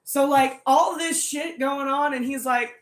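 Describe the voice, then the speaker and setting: A woman casually recapping a tabletop horror game, animated and swearing freely. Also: sits high, measured pace, roomy sound.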